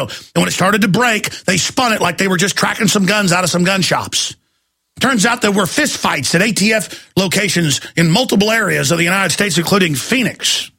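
A man hosting a talk radio show, ranting angrily, often shouting at his listeners. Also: sits high. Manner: angry, shouting, accusatory. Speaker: radio host.

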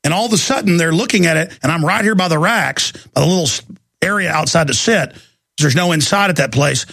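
Talk radio guy ranting, raspy gravelly voice, rambly digressions. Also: fairly high pitch, brisk, a bit bright, dry recording, clean studio sound. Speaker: radio talk show host. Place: radio studio.

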